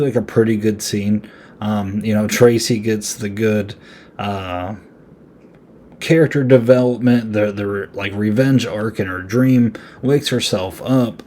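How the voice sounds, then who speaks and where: A man's voice: lowish voice, warm tone, slight background noise. A young man hosting a podcast, giving a casual, rambling movie review full of fillers and sarcastic asides. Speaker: podcast host.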